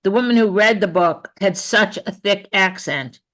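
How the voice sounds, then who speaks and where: A woman's voice: medium pitch, moderate pace, fairly bright tone, rough recording. A woman in an online book club, speaking earnestly and at length over a video call. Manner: earnest, rambling. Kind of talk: casual discussion.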